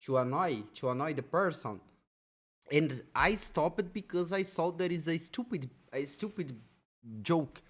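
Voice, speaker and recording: A Brazilian man with a Portuguese accent, reacting to a video in casual commentary, excitable, stammering and repeating words, swearing now and then. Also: a little high, a little slow. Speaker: reaction streamer.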